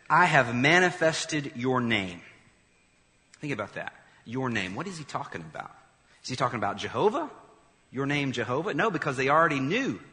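A male pastor preaching a sermon in an animated, emphatic way, with quick asides to the congregation. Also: medium pitch, in a large hall.

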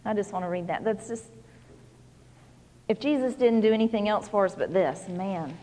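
A woman's voice: medium pitch, moderate pace, dark tone, long reverb tail. A woman preaching a sermon in a folksy, conversational storytelling manner, full of "you know"s.

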